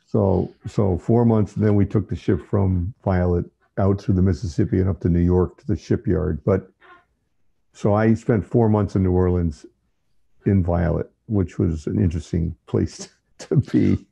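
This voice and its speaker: A man talking as a guest in a relaxed podcast chat, unhurried and often trailing off. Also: low-pitched, vocal fry, husky, highs cut off. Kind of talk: casual conversation.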